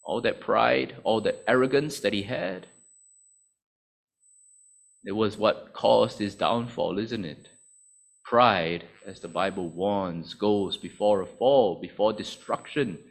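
A man's voice: on the low side, slow pace, vocal fry. A man preaching a sermon in a conversational, explanatory way with many asides.

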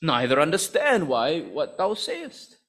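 A man's voice: a little high, huge pitch swings, unhurried, fairly bright tone, exaggerated voice. A man voicing a frightened adult male apostle who hurriedly protests that he does not know someone.

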